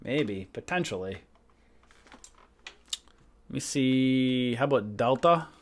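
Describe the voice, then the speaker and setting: A man's voice: mid-range voice, lively intonation, slow pace, slight background noise. A man hosting a trading livestream, thinking aloud in casual talk, trailing off and correcting himself.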